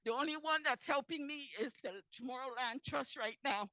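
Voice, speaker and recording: At a community forum, a fifties-aged woman offers public comment through a handheld mic, impassioned, tearful, pleading and repetitive. She speaks at a moderate pace in a high, sharp-toned voice, and the dry recording is of poor quality.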